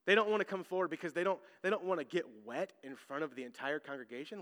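A man in his thirties, a pastor preaching a sermon, telling stories with loud emphasis and hushed asides. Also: on the high side, expressive, fast, few pauses, big-room sound.

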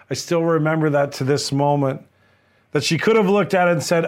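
A man's voice: a little high, a little fast. Earnest male pastor preaching. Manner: earnest, many restarts and repeated words. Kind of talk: sermon with personal story.

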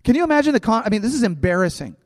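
Animated preacher in a reverberant hall. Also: male voice, high voice, rapid-fire, studio quality. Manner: animated storytelling, acting out characters. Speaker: pastor. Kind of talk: sermon.

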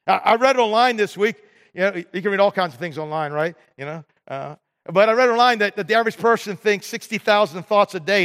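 A middle-aged male pastor preaching a sermon in a church, self-deprecating and animated as he tells stories. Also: high voice. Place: large church hall. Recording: hall reverb.

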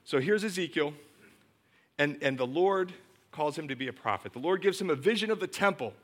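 Middle-aged male pastor, slightly high voice, lively emphatic sermon delivery. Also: brisk. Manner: animated storytelling, emphatic preaching.

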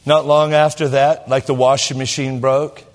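Joking pastor in a reverberant church. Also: male voice, mid-range voice, little pitch movement, moderate pace. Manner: conversational, jokey, with many restarts. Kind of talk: sermon with storytelling. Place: church sanctuary.

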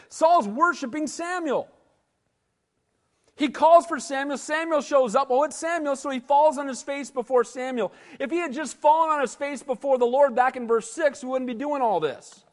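High-voiced male pastor preaching. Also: normal speed, in a large hall. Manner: animated, asks the audience questions. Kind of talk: sermon.

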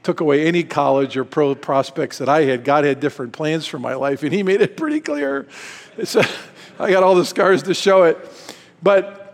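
A middle-aged man tells stories in a relaxed sermon, folksy and self-deprecating. His voice sits a little high for a man. Long reverb hangs around every word, as if he is speaking in a big hall. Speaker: retreat speaker. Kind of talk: conversational sermon storytelling.

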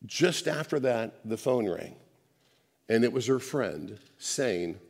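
A man preaching a conversational sermon, often restarting words and dropping soft for emphasis. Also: medium pitch, lively intonation, slow, gravelly, long reverb tail.

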